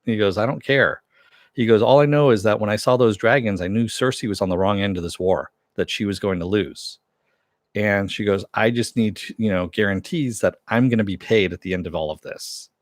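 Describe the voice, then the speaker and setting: A man's voice: lowish voice, fairly quick, no room sound, studio quality. A man casually recapping a TV episode, rambling with lots of fillers and retold quotes. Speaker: TV show reviewer.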